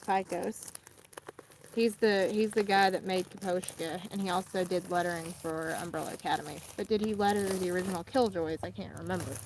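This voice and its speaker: A young woman chatting casually as she unboxes items for her vlog, rambling and often trailing off quietly at the ends of her thoughts. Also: mid-range voice, a little hiss or hum. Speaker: vlogger.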